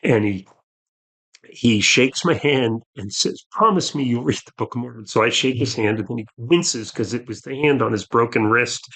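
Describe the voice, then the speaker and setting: A man, a podcast guest earnestly telling a personal story, with halting restarts. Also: medium pitch, gravelly, a bit bright.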